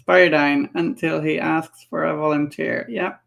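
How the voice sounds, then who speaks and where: Slow, gravelly woman chatting while painting. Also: sits low. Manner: chatty, laughing, musing aloud. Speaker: miniature painter streaming. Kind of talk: casual chat while painting.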